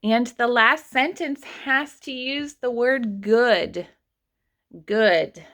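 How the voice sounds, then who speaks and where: A woman's voice: a little high, extremely slow, fairly bright tone. A woman teaching an online kindergarten writing lesson, patiently sounding out letters and words for young children.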